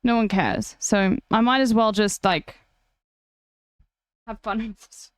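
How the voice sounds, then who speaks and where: A young South African woman with a South African accent, casually chatting to her live-stream viewers, blunt and quick to swear. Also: medium pitch, no echo, studio quality. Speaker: livestreamer.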